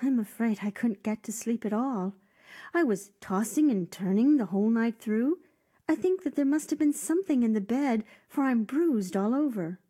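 A polite young princess from a bedtime fairy tale, as a woman reader puts her on. She sounds earnest and apologetic, her voice mellow and slightly breathy. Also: fairly high pitch, lively intonation, normal speed. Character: polite, truthful young princess, tired and sore.

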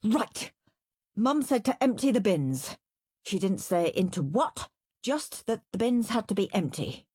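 A woman voicing a cheeky, scheming young boy who whines and gets excited. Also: medium pitch, a little slow, breathy edge, pitched above the performer's own voice. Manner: whiny, excitable.

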